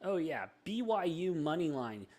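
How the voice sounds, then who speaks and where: A young man hosting a live sports betting show, rattling off quick play-by-play and joking banter. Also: on the high side. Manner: rapid, energetic play-by-play with self-deprecating banter. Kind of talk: live sports commentary and chat.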